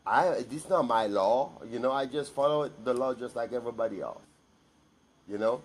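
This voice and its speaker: A man's voice: mid-range voice, fairly quick, slightly rough. A man giving a blunt, emphatic personal monologue to camera, repeating himself for stress.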